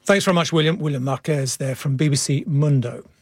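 A male news presenter reading reports and putting measured questions to guests. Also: fairly high pitch, husky, dry recording.

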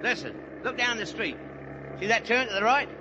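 An actor playing a chatty, wisecracking cab driver with a London Cockney accent, in 1940s radio acting. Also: male voice, extremely high pitch, animated, moderate pace. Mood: breezy. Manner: breezy slangy banter. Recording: muffled old radio recording with engine noise.

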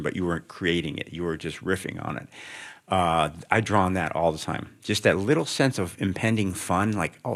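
Deep-voiced man musing thoughtfully onstage. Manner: thoughtful, rambling, self-interrupting. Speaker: writer guest. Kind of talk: onstage interview before students. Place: lecture room with student audience.

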